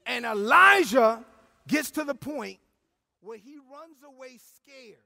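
High-voiced preacher shouting in a hall. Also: male voice, slow pace, gravelly. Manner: animated storytelling, often shouting. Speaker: pastor. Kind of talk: sermon.

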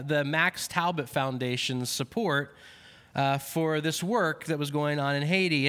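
Male pastor, sermon, anecdotal and self-deprecating, fillers, bright tone, smooth clear voice. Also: on the high side. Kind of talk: sermon with scripture reading. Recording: long hall reverb.

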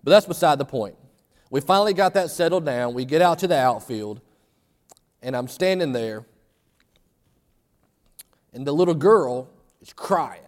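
A man's voice: on the high side, expressive, measured pace, long pauses. A man preaching a sermon, telling a folksy story and rising to fervent emphasis. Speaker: pastor. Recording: long hall reverb.

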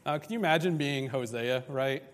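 A man preaching a sermon in an animated, conversational way, often tagging lines with "right?" and acting out voices. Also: mid-range voice, normal speed, long reverb tail. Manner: animated, conversational, acts out dialogue.

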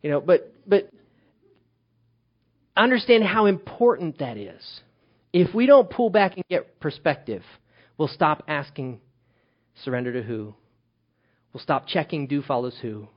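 A man preaching a sermon as pastor, swinging from loud emphatic calls to hushed, quiet lines. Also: a little high, animated, unhurried, pauses often, muffled recording.

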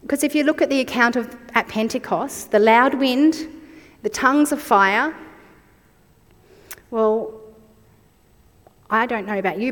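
A woman in her forties delivers a sermon at a slow, unhurried pace, her voice sitting a little high. She speaks reflectively and personally, and a long reverb trails behind her words in a church hall. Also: a bit bright. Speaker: preacher.

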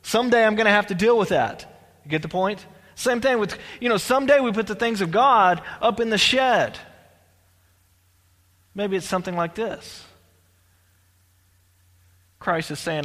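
High-voiced pastor in a reverberant hall. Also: male voice, animated, moderate pace, pauses often, a bit bright. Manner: conversational preaching with restarts and asides. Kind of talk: sermon.

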